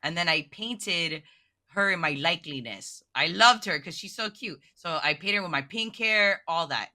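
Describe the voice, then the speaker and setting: A woman's voice: lowish voice, moderate pace. A woman guest on a podcast, chatting casually and emotionally, full of "like" fillers. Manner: excitable, emotional, heavy "like" fillers. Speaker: guest miniature painter.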